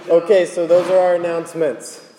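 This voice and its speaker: A young man as a youth pastor, preaching casually, out of breath and worn from yelling, reading scripture and praying. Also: high voice, normal speed, a crowd in the background. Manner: casual, chatty and excitable. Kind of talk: casual sermon with Bible reading and prayer. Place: church meeting hall. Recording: roomy hall with long reverb, faint noise.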